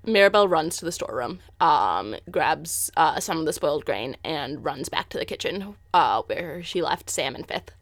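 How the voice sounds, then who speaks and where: A woman's voice: low voice, big pitch swings, normal speed, few pauses, no room sound, clean studio sound. A woman playing in a tabletop game, describing her actions hesitantly with many fillers. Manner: hesitant, lots of fillers and restarts. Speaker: player. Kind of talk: tabletop role-play.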